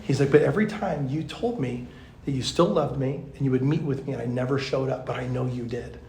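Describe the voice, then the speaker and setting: A man, a pastor, teaching at a youth conference in a chatty, animated storytelling way, full of fillers. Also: mid-range voice, fairly quick, creaky, a little hiss or hum. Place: large conference hall. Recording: echoey hall.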